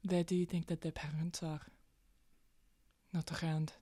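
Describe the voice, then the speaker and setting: A defiant young woman in a tabletop game who fires pointed, challenging questions, voiced by a woman. Her voice is low-pitched and sounds dry and close, with no room around it. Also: flat delivery, normal speed, mellow, dry recording.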